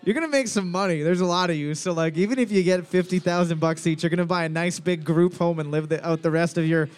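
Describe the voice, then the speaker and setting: Hosting a live podcast trivia night, a man with a slightly high, clean-toned voice talks fast. He reads out the questions, teases the players with jokes, and laughs a lot.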